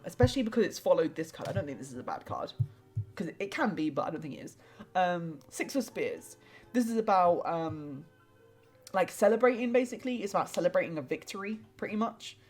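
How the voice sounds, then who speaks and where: Chatty woman streamer, low-pitched voice. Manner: rambling, heavy use of "like" and restarts; warm and affectionate toward viewers. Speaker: streamer doing tarot readings. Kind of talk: casual live-stream chat.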